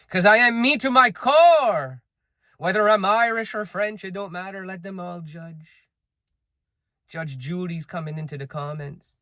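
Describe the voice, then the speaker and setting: A man's voice: high-pitched, pushed and bright, no echo, clean studio sound. Blunt, swearing motivational coach, a man. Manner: blunt, emphatic, swears freely. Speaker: self-improvement coach. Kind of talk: unscripted motivational talk.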